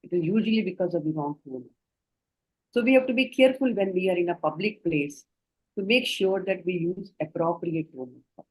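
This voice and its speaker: A woman's voice: on the low side, fairly quick, a little mellow, husky, poor audio. A woman with an Indian English accent giving an online training lecture to doctors, explaining points earnestly and speaking directly to her trainees over a video call.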